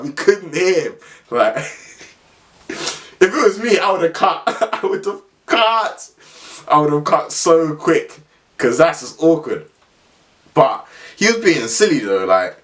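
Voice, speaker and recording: A man's voice: a little high, a bit bright. A young man, telling a funny story in a casual vlog, slangy and rambling, often laughing as he talks. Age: young adult. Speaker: vlogger.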